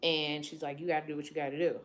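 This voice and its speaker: A woman's voice: deep voice, little pitch movement, fast talker. A woman in her late twenties telling a personal story in a candid, emotional way, often quoting what others said to her. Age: late 20s. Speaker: vlogger.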